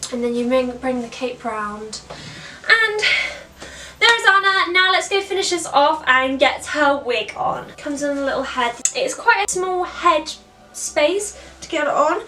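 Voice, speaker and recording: A British woman with a high, bright voice, chatting through a costume tutorial step by step. She is recorded in a roomy room at home. She stands a little back from the mic. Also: far from the mic. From Britain. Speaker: costume character performer. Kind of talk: tutorial narration.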